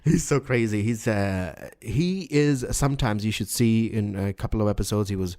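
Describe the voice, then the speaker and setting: A man's voice: lowish voice, normal speed, mellow. Hesitant man chatting on a podcast. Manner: hesitant, many restarts and fillers. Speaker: podcast co-host. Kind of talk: casual chat.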